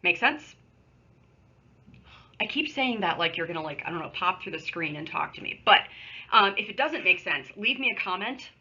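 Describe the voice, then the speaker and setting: A woman's voice: lowish voice, expressive, moderate pace, pushed and bright, breathy edge, muffled recording. A woman teacher giving a recorded remote English lesson, explaining patiently in a conversational way with small asides, recorded at home on a computer microphone. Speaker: high school English teacher.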